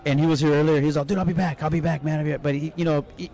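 A man's voice: fairly high pitch, steady tone, racing, mellow. A man telling rambling, profane stories in a casual chat, with Spanish slang mixed in. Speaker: podcast co-host telling a story. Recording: muffled lo-fi sound.

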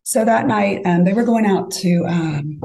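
A woman's voice: mid-range voice, measured pace, vocal fry, poor audio. A woman casually telling a dating story as a podcast guest, acting out the lines of others. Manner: animated, acts out quoted lines.

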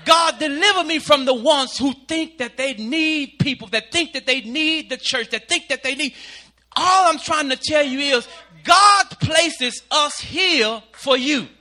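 A male pastor preaching a sermon, building into shouted, sing-song delivery. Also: very high voice, a little slow.

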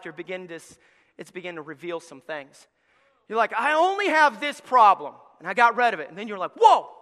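A man preaching a sermon as pastor, telling the story with acted-out voices, going from quiet asides to loud shouts. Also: sits high. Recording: long hall reverb.

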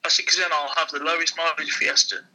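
A man, a former car dealer, telling animated anecdotes in casual conversation and voicing the people in them. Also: a little high, rough recording. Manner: animated, quick anecdote with voiced quotes. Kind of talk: casual storytelling.

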